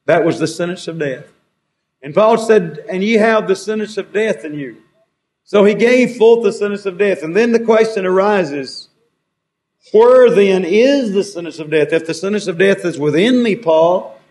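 A man's voice: high-pitched, darkish tone. A man preaching a sermon, quoting scripture with rising and falling emphasis.

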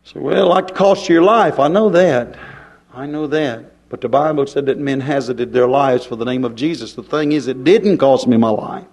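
A man's voice: mid-range voice, normal speed, a little mellow. A middle-aged man, preaching a folksy, emphatic sermon full of rhetorical questions.

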